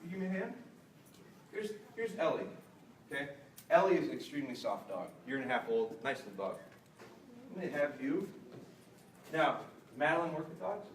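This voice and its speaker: A man's voice: brisk, long pauses, a little hiss or hum. Chatty man running a dog-training seminar. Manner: chatty, joking, jumps to high excited praise voice. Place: large store hall with audience. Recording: roomy echo, mic at a distance.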